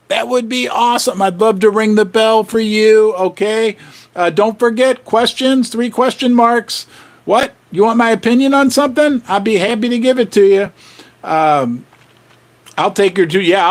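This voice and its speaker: A man hosting a casual livestream, rambling and animated as he chats with viewers. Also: high-pitched. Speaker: livestream host. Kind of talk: casual livestream chat about finance.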